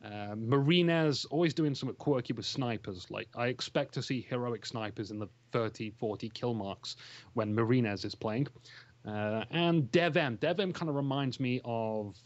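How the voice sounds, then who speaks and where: A man's voice: medium pitch, normal speed, dry recording, dull audio. A man chatting casually as an interview guest about strategy games, rambling and enthusiastic, laughing often. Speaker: interview guest, game shoutcaster.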